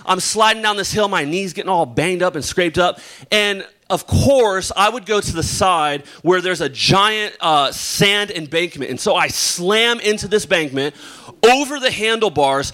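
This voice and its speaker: Young male preacher, bright, slightly high voice, chatty and filler-heavy storytelling at a church service. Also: lively intonation, measured pace. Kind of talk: sermon with opening prayer and personal story. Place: church or youth service hall.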